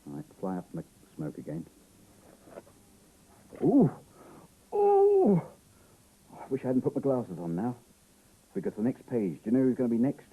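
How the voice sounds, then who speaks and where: A middle-aged Australian man, a children's TV presenter, reading a picture book aloud to young children in a playful, animated way with gasps and exclamations. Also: lowish voice, quick pace, breathy edge, narrow, tinny audio.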